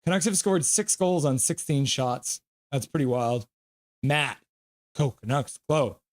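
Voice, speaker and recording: A young man hosting a live hockey reaction stream, chatting casually, reading chat aloud and whooping with excitement. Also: mid-range voice, a little slow.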